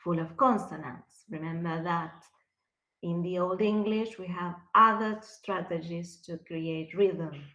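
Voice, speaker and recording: Woman lecturer, slow deliberate delivery, lowish voice, echoey classroom. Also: sharp tone. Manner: slow, explanatory, checks understanding with questions. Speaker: literature teacher.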